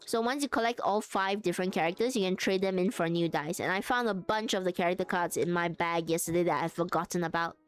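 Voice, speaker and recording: A woman's voice: on the low side, quick pace, few pauses, clean tone, faint music behind. A young woman streaming live, chatting casually and thinking aloud with giggles as she works on a craft.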